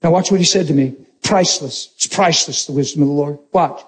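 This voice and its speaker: Male pastor, high voice, animated and joking sermon storytelling. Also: quick pace.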